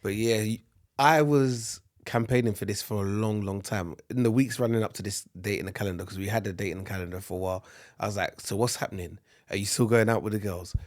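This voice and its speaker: Casting note: man, lowish voice, easygoing podcast co-host who teases and tells stories, slightly stuffy. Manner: easygoing, storytelling, teasing. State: bunged up with a cold. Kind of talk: casual chat.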